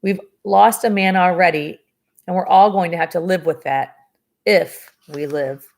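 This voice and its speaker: A woman reading the part of a gruff, stern male ship's mate who speaks bluntly and snarls at the crew. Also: lowish voice, a little slow, a little mellow.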